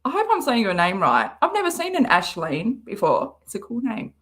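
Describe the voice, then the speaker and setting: Animated high-voiced woman streamer. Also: normal speed. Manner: animated, laughing, sarcastic. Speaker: livestream host. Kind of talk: reaction livestream commentary.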